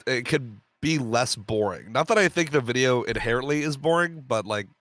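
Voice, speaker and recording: A man's voice: medium pitch, animated, normal speed, a bit bright, dry recording. A young man, a guest creator, chatting casually and rambling with lots of fillers. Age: young adult. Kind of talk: casual chat.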